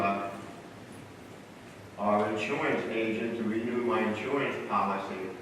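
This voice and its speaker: A man, a church elder, preaching a sermon in a folksy, gently humorous way, sharing stories. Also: medium pitch, a little hiss or hum. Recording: roomy church hall, distant mic.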